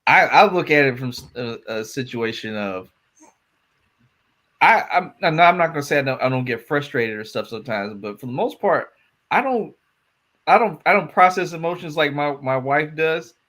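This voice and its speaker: A man's voice: a little high, expressive, moderate pace, a bit bright. Laid-back chuckling man. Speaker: podcast co-host. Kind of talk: casual chat.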